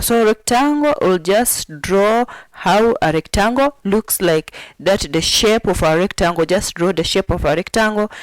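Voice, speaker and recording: A woman gives a patient sign language lesson, saying each term again and again in a slow, deliberate way. Her voice sits at an ordinary middle pitch. The sound is dry and close, with no room echo. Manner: repeats each word several times, patient and deliberate. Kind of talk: slow instructional explanation.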